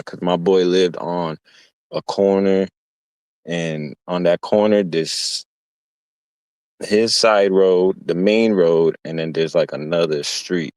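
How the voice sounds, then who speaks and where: A man with a deep, low voice telling a long story on stream. He talks in loose street slang, swears freely, and often restarts his sentences. The sound is dry and close. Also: slow pace, a little mellow, no echo. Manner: slangy, profane, meandering with restarts. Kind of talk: casual storytelling.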